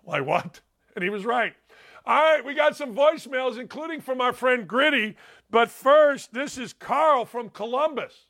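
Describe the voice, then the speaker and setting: Older male sports host, bright, edgy tone, loud, rambling, emphatic. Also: very high voice, animated, unhurried. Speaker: sports talk show host. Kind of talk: animated talk show monologue.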